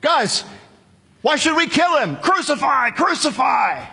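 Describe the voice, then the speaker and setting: A male preacher voicing an impatient, exasperated Roman governor who fires loud, incredulous questions during a sermon. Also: very high voice, very animated, slow pace, creaky, long reverb tail, pitched above the performer's own voice, full character voice. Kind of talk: dramatized scripture paraphrase in a sermon.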